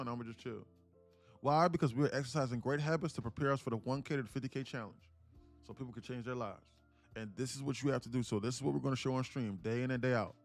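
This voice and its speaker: A man with a New York accent talks through a live day-trading stream in a casual, off-the-cuff way. His speech is loose and profane, full of street slang, and he repeats phrases in chant-like runs. His voice sits at an ordinary male pitch, with faint music playing underneath. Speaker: day-trading livestream host.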